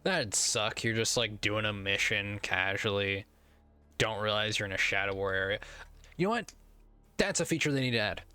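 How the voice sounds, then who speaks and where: A man's voice: lowish voice, normal speed, bright, forceful tone, clear, resonant tone, no room sound. An American man streaming a game, rambling and thinking aloud in casual commentary. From United States.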